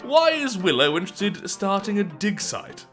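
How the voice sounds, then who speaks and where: A vain strongman in a game who lectures in a pompous, formal tone and an odd put-on foreign accent, as a man voices him. His pitch rises and falls a lot, and he sounds bright and forceful. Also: big pitch swings, normal speed, soft background music. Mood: lecturing. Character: vain muscle-proud male strongman.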